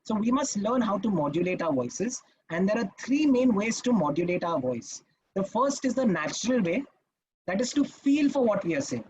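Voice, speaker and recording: A man's voice: high voice, big pitch swings, moderate pace, darkish tone, slightly rough, no echo, rough recording. A man teaching public speaking in a live online masterclass, talking emphatically and often checking in with his listeners. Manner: emphatic and instructive, checks in with "Okay?". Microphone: video call.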